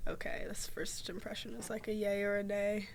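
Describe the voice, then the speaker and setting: A woman's voice: mid-range voice, monotone, normal speed, a little hiss or hum. Laughing young woman guest. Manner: laughs often, talks in short bursts with many fillers. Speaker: podcast guest. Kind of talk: casual chat.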